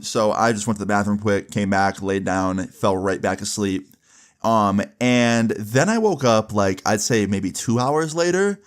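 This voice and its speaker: A young man casually telling a long story, rambling with many asides and swearing freely. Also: on the low side.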